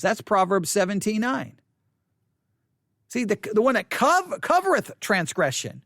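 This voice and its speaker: Man teaching Bible study, high lively voice, dry close sound, restarts phrases. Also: measured pace, no room sound. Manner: animated, repeats and restarts phrases, acts out short quotes.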